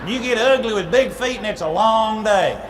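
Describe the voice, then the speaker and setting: Guy telling a funny story live, folksy, makes sound effects, high voice, noisy tape. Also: normal speed, in a large hall, a crowd in the background. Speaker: comic storyteller. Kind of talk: humorous storytelling to a live audience.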